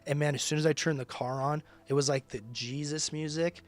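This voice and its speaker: A man's voice: on the high side, fairly even intonation, brisk. A man who leads a ministry, telling his personal testimony in conversation with emphatic, casual storytelling. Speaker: ministry leader.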